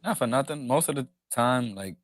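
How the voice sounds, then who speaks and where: A man hosting a podcast, joking and quick in casual conversation. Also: medium pitch, dry recording. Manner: joking, fast and animated. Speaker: podcast host.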